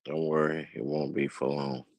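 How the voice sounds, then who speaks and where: A man hosting a casual chat, making slow, teasing, low-key remarks. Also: little pitch movement, darkish tone, dry recording. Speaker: host.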